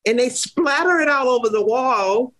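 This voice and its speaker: A woman's voice: high voice, lively intonation, moderate pace, a bit bright. A woman giving plain-spoken parenting advice in a casual chat, emphatic and direct, often acting out what to say. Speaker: parenting advisor.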